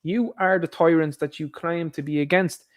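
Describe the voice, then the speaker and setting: A man's voice: on the high side, steady tone, normal speed. An Irish man giving indignant, sarcastic commentary on news headlines, addressing his viewers as lads. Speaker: vlogger, commentator.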